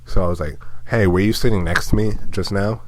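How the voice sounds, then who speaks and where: A man's voice: low-pitched, a little fast. A young man on a casual podcast, telling a rambling story with frequent laughs and acted-out quotes. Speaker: podcast co-host.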